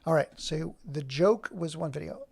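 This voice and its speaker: Brief: male streamer, gravelly voice, rambling, keeps cutting himself off mid-thought. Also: on the high side, moderate pace, a little mellow. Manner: rambling, self-interrupting. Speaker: livestream host. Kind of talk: casual livestream chat.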